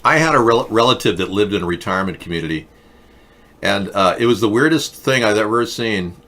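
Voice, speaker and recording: Deadpan man with a forceful, lowish voice. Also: fairly quick. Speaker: talk show host. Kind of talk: satirical rambling monologue.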